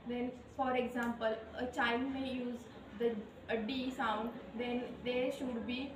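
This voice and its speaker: A woman presenting a lesson in list form, with filler pauses. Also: on the high side, fairly even intonation, background noise. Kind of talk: classroom presentation. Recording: distant voice in an echoey room.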